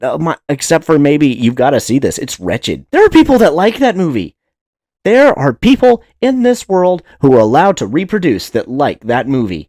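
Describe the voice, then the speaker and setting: A man's voice: medium pitch, a little mellow, no echo. Sarcastic man reacting to a film. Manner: sarcastic, exasperated. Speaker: movie reviewer.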